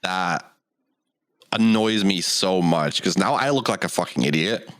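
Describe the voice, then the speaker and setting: A man's voice: sits low, animated, a little slow, a bit bright, no echo, clean studio sound. A young man co-hosting a casual podcast, giving opinions with stammering restarts. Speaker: podcast co-host. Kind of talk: casual chat.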